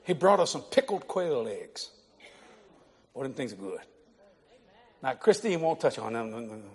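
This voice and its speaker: In a church hall, a middle-aged man gives a congregation a sermon built on funny stories, laughing frequently and playing the characters himself. His mid-range voice is very animated and slightly rough, and he keeps a measured pace.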